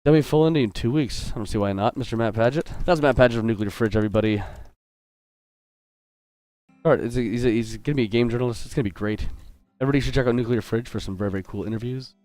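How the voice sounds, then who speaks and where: Man, game artist streaming, chatty, upbeat, joking, mid-pitched, close dry sound, faint music behind. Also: fast talker, darkish tone, dry recording. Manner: chatty and upbeat, greeting viewers and reading chat aloud; joking and self-interrupting. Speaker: game artist hosting a live drawing stream. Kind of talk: casual livestream chat while drawing.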